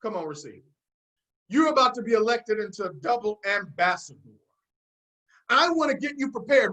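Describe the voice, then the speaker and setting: A man's voice: high voice, expressive, moderate pace, long pauses, bright, forceful tone, low-quality recording. A man leading a motivational business seminar, confident and preachy, with call-and-response and repeated key phrases. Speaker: network marketing team leader.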